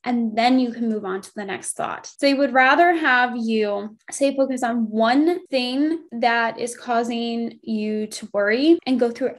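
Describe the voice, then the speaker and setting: A young woman with a fairly high voice explains a spiritual study lesson in a relaxed, conversational way. She thinks out loud as she goes, rewording her sentences with plenty of "um"s and self-corrections. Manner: thinks aloud, rephrasing with frequent "um" and self-corrections. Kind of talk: informal workbook lesson walkthrough.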